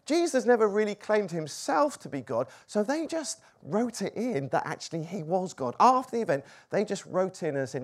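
Man, preacher, sermon, lively pitch, loud then hushed. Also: moderate pace, vocal fry. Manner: animated, swings from loud exclaims to hushed lines.

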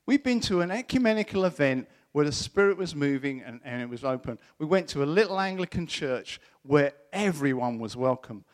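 Animated man preaching a sermon. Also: fairly high pitch, a little fast, hardly any pauses. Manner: animated storytelling, acting out quoted voices. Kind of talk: sermon with personal story.

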